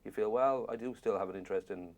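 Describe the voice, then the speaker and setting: A man's voice: lowish voice, quick pace, a little mellow. An Irish man interviewing an actor, asking long rambling questions with jokes. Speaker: film interviewer.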